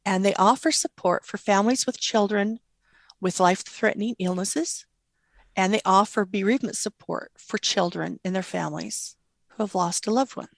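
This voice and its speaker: Gravelly mom telling stories about her kid, tender, dry close mic. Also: medium pitch, moderate pace, no echo. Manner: tender, animated quoting of her child. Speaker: guest, mother. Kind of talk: storytelling interview.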